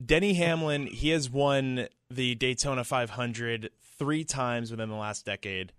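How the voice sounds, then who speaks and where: Clear-voiced man talking racing odds. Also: medium pitch, a little slow, a bit bright, no room sound, studio quality. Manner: informative, reads sports odds. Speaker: radio show co-host. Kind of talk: casual on-air chat.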